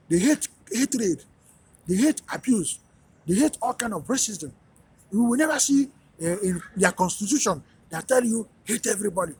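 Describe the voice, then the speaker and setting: A man's voice: high voice, husky. A man, a radio host, telling a personal story in an emphatic, repetitive, preacher-like monologue.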